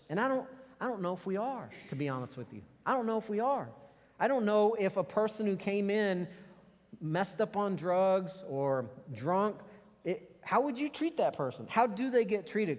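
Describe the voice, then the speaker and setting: A man preaching a sermon as pastor, telling a personal story in a conversational way with animated asides. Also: on the high side. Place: church sanctuary. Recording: long hall reverb.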